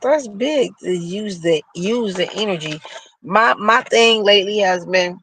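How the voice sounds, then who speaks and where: A man with a New York accent reading horoscopes aloud and breaking into animated, slangy commentary in casual chat. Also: sits high, a little slow, low-quality recording.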